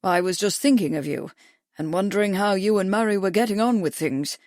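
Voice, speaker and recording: A woman's voice: medium pitch, brisk, darkish tone, dry recording, clean studio sound, lightly acted. A woman voicing a courteous old admiral. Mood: genial. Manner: genial, polished. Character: courteous older male naval admiral.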